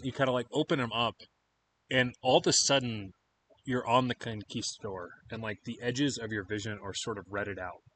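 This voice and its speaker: A man guides his players through a scene as game master. He narrates loosely and descriptively, with lots of casual fillers. His voice sits at an ordinary pitch, with a light hiss in the background. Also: fairly even intonation, moderate pace, fairly bright tone.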